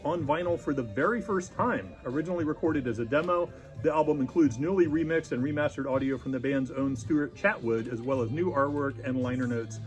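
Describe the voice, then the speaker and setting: A man's voice: a little high, fairly quick, few pauses, soft background music. A young man co-hosting a casual record-store rundown of new vinyl releases, joking and slipping into mock accents now and then. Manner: jokey, slips into mock accents.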